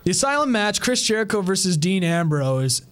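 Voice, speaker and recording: A man's voice: high voice, very animated, moderate pace, a bit bright, smooth. A man co-hosting a podcast, chatting casually and wryly about a wrestling show, often stammering and restarting. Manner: stammers and restarts, wry and joking. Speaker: podcast co-host.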